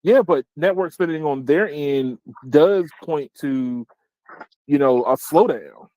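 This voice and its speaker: A man with a slightly high voice hosts a loose tech chat, excitable and full of slang. The sound is close and dry, with no room around him. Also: slow pace, no room sound, dull audio. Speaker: host.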